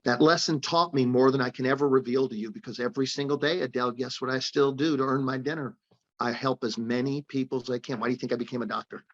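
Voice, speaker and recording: A man's voice: mid-range voice, fairly even intonation, fast talker, a bit bright. A man guest telling stories in an interview, emphatic and repetitive, over a remote call. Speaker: doctor, podcast host, guest. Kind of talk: storytelling interview. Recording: dull lo-fi audio.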